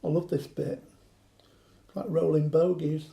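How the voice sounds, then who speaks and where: A man's voice: on the high side, level tone, measured pace, vocal fry, dark tone, slight background noise. A man chatting through a craft demonstration, joking and poking fun at himself. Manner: joking, self-mocking banter.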